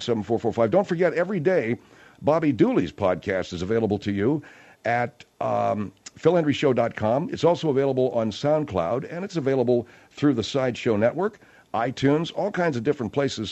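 A man's voice: mid-range voice, dark tone. A man hosting a radio talk show, rambling loosely through plugs and announcements with lots of fillers. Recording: dull lo-fi radio sound.

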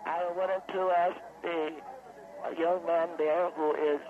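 A man voicing a confused older woman caller who is lost at a carnival, halting and hesitant as she stumbles over her own spelling. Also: a little high, little pitch movement, background noise, pitched above the performer's own voice. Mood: puzzled. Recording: phone-like call line.

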